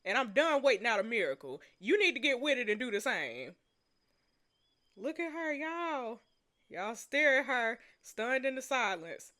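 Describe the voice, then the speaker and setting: Animated woman commenting on a story game. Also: on the high side, moderate pace, few pauses. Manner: animated, playful, talks to viewers. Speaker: game player.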